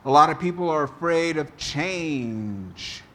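A man preaching a sermon as pastor, slow and deliberate, telling a story to make his point. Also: on the high side, expressive, sharp tone, a little hiss or hum.

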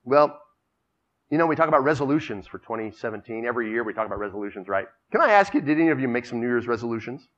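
A man's voice: medium pitch, animated, racing, few pauses, fairly bright tone. A man preaching a sermon, telling stories and asking his congregation for responses. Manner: storytelling, asks the congregation for responses. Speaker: pastor. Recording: dull lo-fi recording.

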